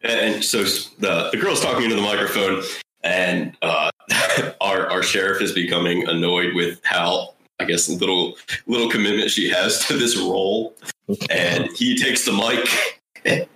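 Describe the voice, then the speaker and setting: A man's voice: deep voice, fairly even intonation, a little slow, bright, forceful tone, echoey room, poor audio. A man co-hosting a casual movie review podcast, rambling and sardonic, swearing freely. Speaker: podcast co-host.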